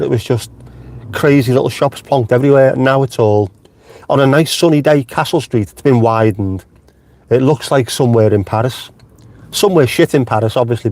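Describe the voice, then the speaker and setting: A middle-aged man talks from his car in a casual live stream, rambling from one joke to the next. His voice sits at an ordinary middle pitch, and he swears freely. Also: darkish tone. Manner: chatty, swears freely, jokey tangents. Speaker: vlogger host. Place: inside a car.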